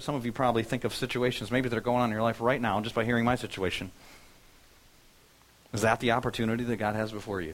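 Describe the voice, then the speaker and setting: A man's voice: mid-range voice, poor audio. A male pastor preaching a sermon in a church, telling a personal story in a conversational way and acting out what he said and thought. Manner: conversational storytelling preaching, acting out his own past words.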